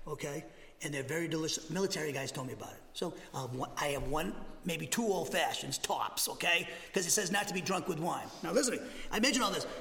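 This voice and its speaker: Lively preacher man in an echoing hall. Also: high-pitched, vocal fry. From Massachusetts, USA. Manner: animated, conversational, jokey asides with frequent "okay?". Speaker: pastor. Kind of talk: expository Bible teaching sermon. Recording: roomy hall reverb.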